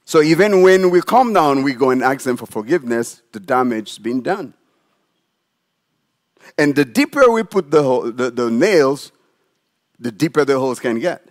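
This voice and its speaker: A man preaching a sermon as pastor in a church, animated and demonstrative, putting questions to the congregation. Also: mid-range voice, moderate pace. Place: church sanctuary.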